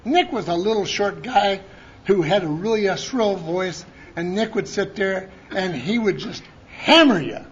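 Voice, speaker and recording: A man's voice: high voice, animated, unhurried, breathy edge. A man at a conference, telling his recovery story in a folksy, rambling way, with many restarts, and acting out the voices of the people he quotes. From Montana. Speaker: conference speaker. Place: conference hall. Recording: lo-fi conference tape.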